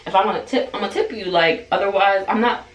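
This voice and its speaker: A woman's voice: medium pitch, fast. A woman telling a casual storytime for her channel in a chatty way, full of "like" and acted-out dialogue. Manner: chatty, heavy use of "like", acts out quoted dialogue. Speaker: beauty vlogger. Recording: roomy sound, distant mic, faint noise.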